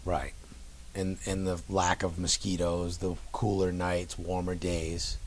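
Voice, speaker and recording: A man's voice: deep voice, flat delivery, slow pace, a little hiss or hum. A man with a Down East Maine accent, grumbling and swearing his way through casual banter with friends. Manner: grumbling, swears freely, does exaggerated local impressions.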